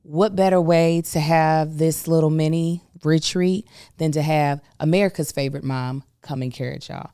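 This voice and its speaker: Emphatic storytelling woman, low and dry. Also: normal speed, clear, resonant tone, dry recording. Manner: emphatic, animated, exasperated storytelling with folksy asides. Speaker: podcast host. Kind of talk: casual storytelling chat.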